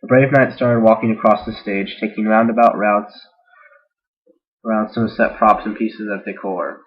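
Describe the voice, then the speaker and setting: A man's voice: on the low side, steady tone, moderate pace. A man reading fan fiction aloud in a casual way, with self-deprecating, joking asides. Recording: dull lo-fi recording.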